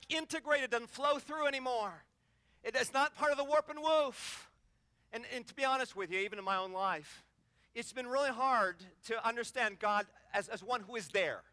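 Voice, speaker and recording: This conference speaker, a middle-aged man, talks a little fast in a clean, extremely high voice with no room sound. His sermon in the conference hall is impassioned, full of animated stories where he acts out the cries.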